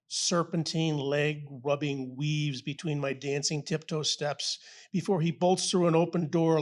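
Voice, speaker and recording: A man reading his own descriptive poem aloud at a poetry event, measured and vivid. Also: fairly high pitch. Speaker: local poet.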